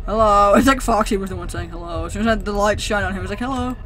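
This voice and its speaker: Bright-voiced woman shrieking through a horror game. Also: mid-range voice, fairly even intonation, fast, soft background music. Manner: sarcastic, talks back to the game characters; screams and shrieks at jump scares. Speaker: gaming channel host. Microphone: desk microphone.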